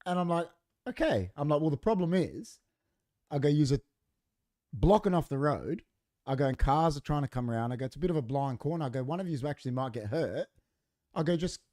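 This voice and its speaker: Animated man telling a story. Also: fairly high pitch, brisk. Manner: animated, acts out quoted dialogue. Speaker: podcast co-host. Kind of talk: casual storytelling chat. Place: podcast studio.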